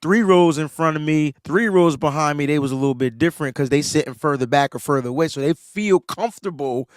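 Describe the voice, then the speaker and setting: Fairly quick in delivery, a man on a podcast tells a sports story conversationally, his voice rising as he gets worked up, despite sounding slightly sick. The sound is dry and studio grade.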